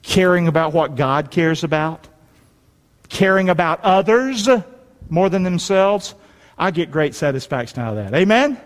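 A man's voice: a little high, expressive, normal speed. A man preaching a sermon, reading scripture aloud and leading the congregation to repeat it in a folksy, emphatic way. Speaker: pastor. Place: church. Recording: long echoey hall reverb.

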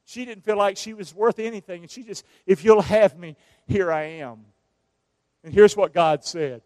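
A pastor with a high-pitched voice preaches with feeling, calling on his congregation to answer back. The sound is dry and close, with no room echo. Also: moderate pace, darkish tone. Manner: emotional call-and-response preaching. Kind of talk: sermon. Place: church sanctuary.

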